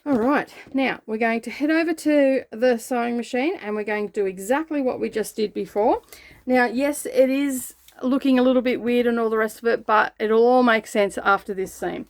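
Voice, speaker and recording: Woman, slightly high voice, easygoing sewing tutorial host. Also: normal speed. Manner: relaxed, chatty instructions with frequent "okay" and "all right". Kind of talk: step-by-step craft tutorial.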